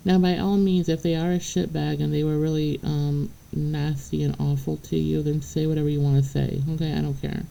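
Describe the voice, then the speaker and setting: Woman doing a tarot reading, gravelly and kinda dark sounding, swears a lot, keeps going "okay?". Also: deep voice, level tone, a little fast, few pauses, low-quality recording. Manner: blunt and profane, keeps checking in with "okay?"; chatty, laughs between points. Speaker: tarot reader. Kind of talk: casual spiritual reading to the viewer.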